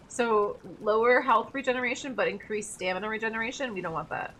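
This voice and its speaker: A woman livestreaming a game with friends, excitable and loud, swearing freely and often breaking into laughter. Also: fairly high pitch, normal speed, a little hiss or hum. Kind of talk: casual gaming livestream chat.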